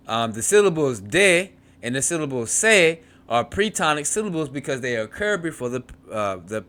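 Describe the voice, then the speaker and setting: A man with a bright, forward voice teaching beginners' Hebrew grammar. He reads textbook passages aloud and then breaks words into syllables, repeating them slowly. He often stops to check in with "right?". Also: a little high, big pitch swings. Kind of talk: informal grammar lesson, reading from a textbook.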